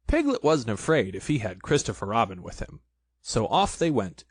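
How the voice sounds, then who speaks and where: Guy reading a kids storybook, lively sing-song voice, dry close sound. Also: mid-range voice, moderate pace, slightly rough, dry recording. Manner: expressive, playful. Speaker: narrator.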